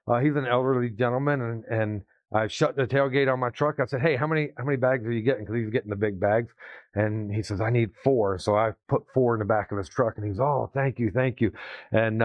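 A man preaching in a casual, storytelling way, acting out what people said. His voice sits at a middling pitch. The recording is dull and lo-fi, with little room sound. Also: no echo. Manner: storytelling, conversational, acts out quotes. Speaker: pastor. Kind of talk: sermon story.

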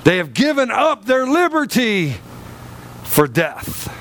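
A man's voice: very high voice, big pitch swings, takes it slowly, fairly bright tone, a little hiss or hum. A male pastor preaching a sermon in a church, firing rhetorical questions with dramatic swings in his delivery.

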